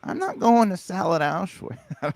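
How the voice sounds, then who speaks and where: A man co-hosting a comedy podcast, improvising rapid bits and slipping into character voices as he laughs through them. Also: a little high, big pitch swings, dry recording.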